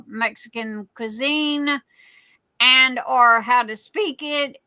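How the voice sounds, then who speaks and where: A woman's voice: on the high side, sharp tone, smooth, no echo, low-quality recording. A middle-aged woman with a Cajun accent chatting casually as a livestream host, rambling with many fillers and restarts. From Louisiana. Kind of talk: casual live chat.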